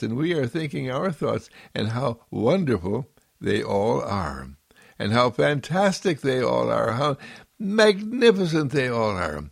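A man giving a gentle, repetitive, affirming inspirational sermon. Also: mid-range voice, vocal fry, no echo, clean studio sound.

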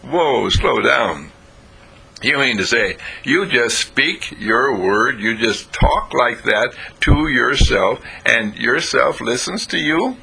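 A man's voice: very animated, normal speed, vocal fry, pushed and bright, slightly rough, exaggerated voice, rough recording. A man putting on an eager, wide-eyed friend. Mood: amazed. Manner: questioning, wide-eyed, raised pitch. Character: eager, curious grown male friend. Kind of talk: storytelling with voices.

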